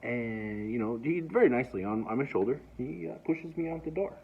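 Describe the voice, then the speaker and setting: A man's voice: medium pitch, animated, brisk, slight background noise. A man telling a personal story in a casual, rambling way, often stammering and restarting. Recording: dull lo-fi recording.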